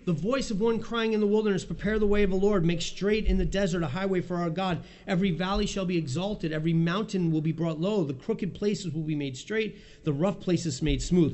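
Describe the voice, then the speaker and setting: A man's voice: sits high, a little mellow. A man preaching an expository sermon, reading scripture and acting out the voices of the Lord and Isaiah.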